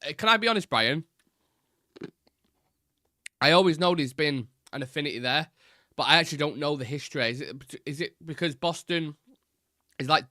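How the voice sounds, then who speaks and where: A man's voice: a little high, bright, forceful tone, no echo, clean studio sound. A young man hosting a live fan football show, chatty and frank with plenty of fillers.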